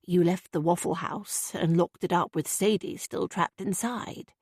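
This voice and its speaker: A woman's voice: lowish voice, measured pace, a little mellow, slightly rough, no room sound, studio quality. A woman reading an audiobook, voicing a weary, frustrated young granddaughter.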